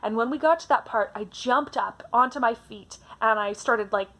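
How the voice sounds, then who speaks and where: Young woman from Canada, book vlogger, chatty and animated, bright voice sitting a little high. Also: normal speed. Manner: chatty, animated, many fillers. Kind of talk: casual book tag chat.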